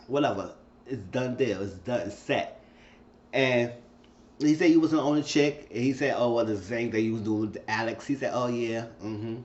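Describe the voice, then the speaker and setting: A man casually recapping a TV episode, chatty and animated, with speech. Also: normal speed, slight background noise. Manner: animated, jumps to high squeals when quoting characters. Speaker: TV episode reviewer. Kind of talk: casual recap with acted-out quotes. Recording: roomy, muffled home recording.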